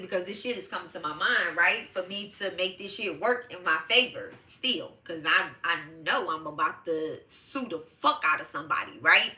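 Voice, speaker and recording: A woman's voice: medium pitch, bright, forceful tone. A middle-aged woman from Detroit telling a personal story to her live audience in a casual, emphatic and profane way, calling them y'all. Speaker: host of a live tarot show.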